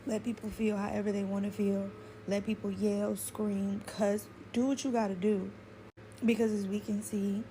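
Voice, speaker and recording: A woman's voice: mid-range voice, dark tone, slight background noise. A woman speaking in an earnest, pleading monologue while holding back tears. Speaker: vlogger.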